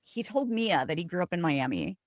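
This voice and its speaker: Woman podcast co-host, giddy and chatty, lower voice, very dry recording. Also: fairly quick, no room sound. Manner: excitable, laughs often. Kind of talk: casual TV recap chat.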